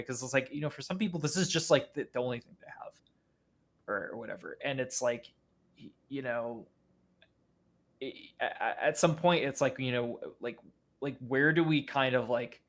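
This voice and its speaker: A man talking casually as a podcast guest. He speaks haltingly, circling back and restarting his sentences, with a voice of middling pitch. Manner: halting, many fillers and restarts.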